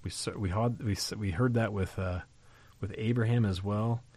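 A man's voice: fairly low pitch, fairly even intonation, normal speed, mellow, no echo. Emphatic man preaching a sermon. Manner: conversational, emphatic, asks the listeners questions. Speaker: pastor.

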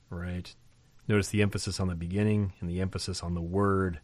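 A man hosting a podcast Bible lesson, animated in talk and reading scripture slowly and weightily. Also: sits low, dry recording.

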